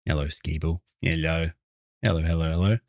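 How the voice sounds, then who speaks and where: An Australian man from Brisbane, a variety streamer and game developer, chatting casually with his viewers and greeting them by name. He often keeps his voice hushed so the game won't hear him. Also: rumbling low, steady tone, brisk, dry recording, clean studio sound. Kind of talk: casual livestream chat with viewers.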